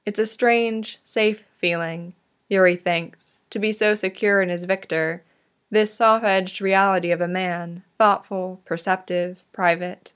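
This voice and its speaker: A woman narrating a fan-fiction story in a gentle, tender manner. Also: mid-range voice, steady tone, unhurried, clear, resonant tone.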